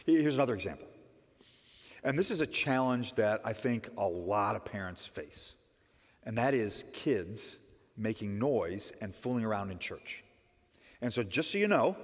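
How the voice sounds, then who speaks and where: Middle-aged man, pastor, conversational sermon, loud then hushed, church reverb. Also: fairly low pitch. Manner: conversational preaching with frequent "right?" asides; dynamic, swings between loud emphatic and soft quiet lines. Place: church sanctuary.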